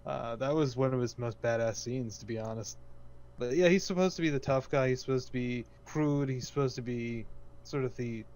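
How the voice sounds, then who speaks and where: A man's voice: mid-range voice, moderate pace, darkish tone. A man on a podcast giving blunt, analytical opinions in casual chat. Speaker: podcast co-host.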